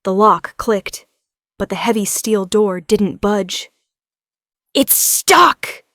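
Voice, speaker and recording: A woman's voice: medium pitch, little pitch movement, takes it slowly, no echo. A woman narrating a suspenseful first-person audiobook. Her voice sits in a middle range and the sound is dry and close. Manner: tense first-person storytelling.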